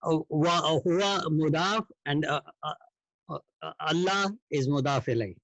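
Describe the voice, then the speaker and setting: A man's voice: on the high side, moderate pace, a bit bright, no echo, highs cut off. A man, a student in an online class, answering hesitantly with many fillers.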